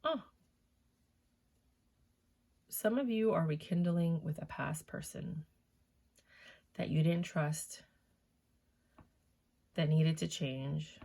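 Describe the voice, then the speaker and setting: A woman reads tarot cards for her viewers in a relaxed, chatty voice with plenty of swearing. Her tone sits low and has a gravelly, fry-heavy grain. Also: slow pace, long pauses. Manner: chatty and loose, swears freely. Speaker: tarot reader. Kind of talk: casual tarot reading.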